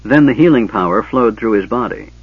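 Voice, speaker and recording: A man narrates a fantasy story in a steady, even storytelling voice. His voice is low and husky. The recording sounds dull and lo-fi. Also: brisk, no echo. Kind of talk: scripted narration.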